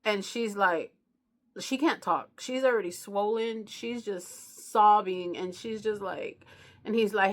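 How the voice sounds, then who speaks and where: A woman's voice: mid-range voice, takes it slowly. A woman reviewing a true crime book, retelling it in a chatty, slangy way with lots of asides to the listener. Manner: slangy, chatty, keeps asking "you know what I mean". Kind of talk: casual true crime storytelling.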